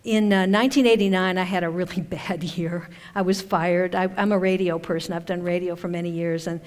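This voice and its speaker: On a conference hall stage, a woman who is a speaker and author delivers a conversational talk full of self-deprecating humor. She speaks fairly quickly in a low, darkish voice with fairly even intonation, heard through a long hall reverb.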